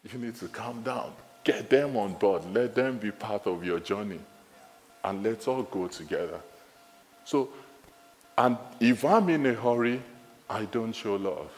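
A man with a Nigerian accent preaching a sermon in a church, lively and animated, often repeating his phrases. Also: measured pace, long reverb tail, faint music behind. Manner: lively, animated, repeats phrases, rises high when excited.

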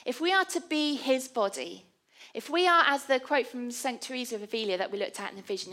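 A woman delivers a sermon in an easy, conversational way. Her voice is bright and clear, pitched a little high. She tells stories with animation and a self-deprecating touch. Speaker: preacher.

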